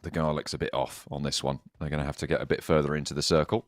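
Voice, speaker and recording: A man doing live play-by-play for an esports match, calling the action in rapid bursts and laughing easily with his co-caster. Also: extremely low pitch, level tone.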